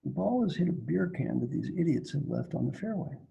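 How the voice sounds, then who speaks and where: An executive coach tells stories during an online Q&A for leaders, animatedly acting out the characters. His pitch is fairly high and his pace a little quick, with a creaky, husky quality. The recording sounds muffled.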